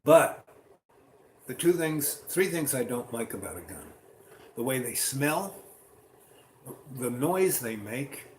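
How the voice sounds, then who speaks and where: A man tells a long personal story in a casual, wandering way. He acts out the other people's lines as he goes. His voice sits at a middle pitch, and the room is echoey with faint noise underneath. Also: takes it slowly, pauses often. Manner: rambling, animated, acts out quotes. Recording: roomy with faint ambient noise.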